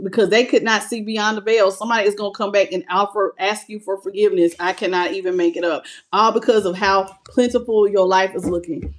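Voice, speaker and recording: A woman reading tarot cards live on her channel, greeting viewers by name and calling them baby with animated excitement. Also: medium pitch. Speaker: tarot reader.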